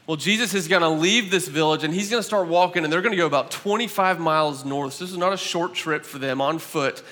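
A man preaching a sermon as pastor, talking conversationally with an animated delivery. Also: fairly high pitch, quick pace, long reverb tail.

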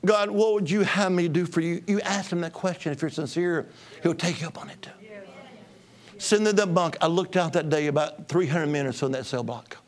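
Male evangelist from Alabama, bright high voice, exuberant shouting testimony sermon. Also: a little fast. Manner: shouting, exuberant, bursts of tongues.

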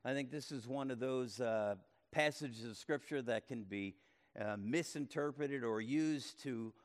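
Guy preaching a sermon, goes loud then real quiet, slow pace, church hall echo. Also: mid-range voice. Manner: dramatic swings from loud to hushed, repeats words. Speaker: pastor. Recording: long reverb of a hall.

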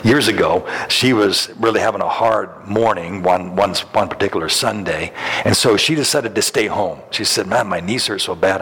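A middle-aged pastor with a low, slightly bright and somewhat rough voice preaches a sermon full of folksy stories, chuckling through anecdotes and restarting often. The recording carries a long hall reverb.

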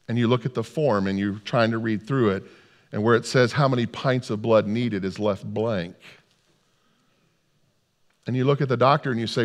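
Dramatic preacher in an echoing hall. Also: male voice, mid-range voice, normal speed, long pauses. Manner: dramatic storytelling, swings from loud to hushed. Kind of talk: sermon. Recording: long hall reverb.

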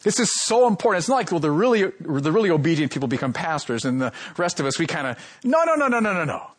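A man in his role as pastor giving a sermon, calling out questions to his congregation and swinging between loud and soft. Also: on the high side, lively intonation, fast, breathy edge.

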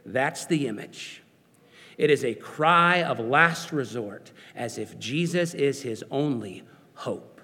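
A man's voice: medium pitch, expressive, takes it slowly, bright, forceful tone, big-room sound. A man preaching a sermon, earnest and searching, putting questions to his listeners.

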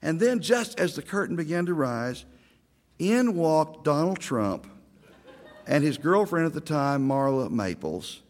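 Middle-aged pastor from oklahoma, kinda high voice, preaching w/ self-deprecating jokes, big church reverb. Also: male voice. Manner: storytelling with self-deprecating humor. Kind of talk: sermon.

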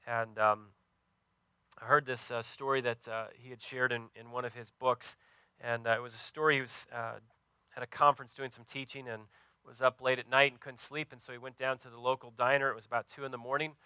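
A pastor with a bright, crisp, mid-range voice earnestly relates a story in a sermon, often pausing on filler words. His delivery is sincere, plain, and flat, captured in a dry, close recording.

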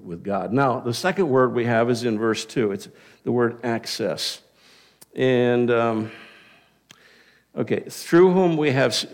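A man gives a sermon as a pastor in a conversational style, with frequent restarts and asides. He has a medium-pitched voice and slows down to stress key words.

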